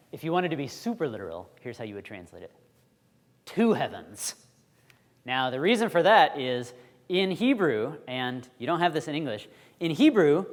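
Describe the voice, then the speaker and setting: Brief: male Bible teacher, fairly high and very animated voice, asks the class questions. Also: long reverb tail. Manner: lively, quizzes the audience. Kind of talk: classroom lecture.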